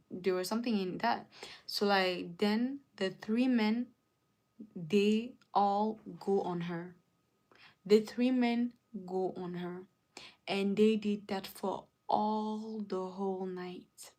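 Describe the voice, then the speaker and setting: A woman streamer telling a long story in a casual, rambling way, acting out both sides with "she's like" and "he's like" as she goes. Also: medium pitch. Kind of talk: casual storytelling to a live chat.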